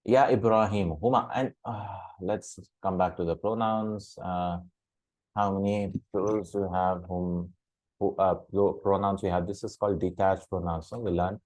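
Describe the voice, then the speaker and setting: A man with a very low voice teaches a recorded lesson. He is patient, repeats each word and checks in with short questions. The sound is dry and close, with no room echo. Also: fairly even intonation, measured pace, a little mellow. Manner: patient, repeats words, asks "hmm?" and "right?". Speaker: Arabic teacher.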